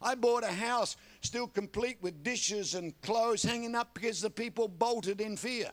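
An older Australian man preaching a sermon, telling a story with lively energy and often calling out to the congregation. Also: sits high, unhurried. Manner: animated storytelling with repeated audience call-outs.

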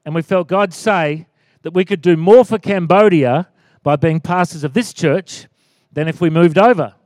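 A man, preaching a sermon as pastor, animated and calling out for amens. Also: high-pitched, dry recording, clean studio sound. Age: 40s. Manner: animated, rising to loud exclaims and calls for amen.

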